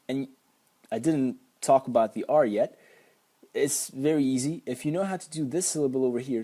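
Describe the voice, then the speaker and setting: A man with a husky, mid-range voice explains pronunciation step by step. He repeats each sound slowly and patiently, sometimes restarting his sentences. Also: medium pitch, lively intonation, warm tone. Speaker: language teacher.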